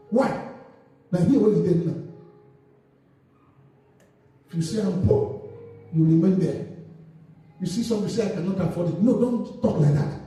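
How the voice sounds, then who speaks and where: A high, mellow-toned man preaches a sermon and keeps asking his congregation to complete his sentences. He sounds distant from the mic, his voice ringing through a very echoey church hall, with faint music underneath. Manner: call-and-response preaching, asks the congregation to finish his sentences. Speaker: pastor. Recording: echoey hall recorded from far off.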